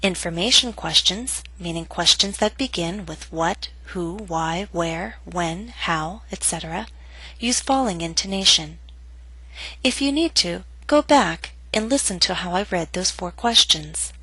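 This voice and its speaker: A woman teaching English pronunciation, reading lesson steps slowly and carefully and modeling each phrase. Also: on the low side, animated, sharp tone, husky, dry recording, rough recording. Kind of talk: slow, careful lesson narration.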